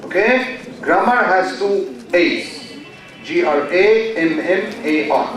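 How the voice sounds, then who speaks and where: A man with an Egyptian accent giving a university lecture, slow and deliberate, often quizzing his students with questions. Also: high-pitched, animated, fairly bright tone. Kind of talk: classroom lecture. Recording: very echoey classroom, mic far from speaker.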